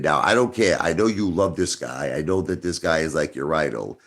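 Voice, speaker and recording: Agitated, low-voiced male livestream host. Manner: emphatic, repetitive, agitated, addresses a viewer directly. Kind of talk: ranting livestream monologue.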